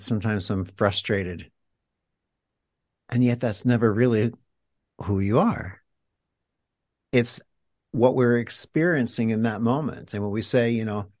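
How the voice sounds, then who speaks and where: Man guiding a calm reflective exercise. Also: medium pitch, no echo. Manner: guiding, explains in a teacherly way. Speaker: healer and guest. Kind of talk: reflective interview talk.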